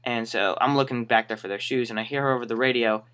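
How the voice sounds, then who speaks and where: A man's voice: mid-range voice, steady tone, fast, hardly any pauses, a bit bright, clean tone. A young man telling stories to camera in a casual, rambling way, wry and acting out the people he describes. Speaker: retail shoe store worker. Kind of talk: casual storytelling vlog.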